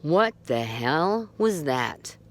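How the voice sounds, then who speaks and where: A woman's voice: sits low, big pitch swings, very slow. A woman telling her own story in an unscripted way, blunt and profane, agitated and indignant, often restarting her sentences. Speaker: storyteller recounting own experience. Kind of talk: unscripted personal account.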